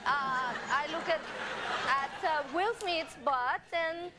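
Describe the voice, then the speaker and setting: Woman on a talk show telling a funny story, laughing a lot, slightly high voice, faint hiss from old satellite tv tape. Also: takes it slowly, a crowd in the background. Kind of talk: animated anecdote telling. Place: TV studio with audience. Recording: noisy satellite TV recording.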